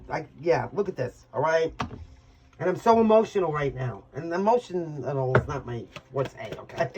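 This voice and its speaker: A high-pitched man with a New York accent reads tarot in a loose, rambling monologue. He swears casually and gets openly emotional as he talks. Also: lo-fi sound. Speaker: tarot reader.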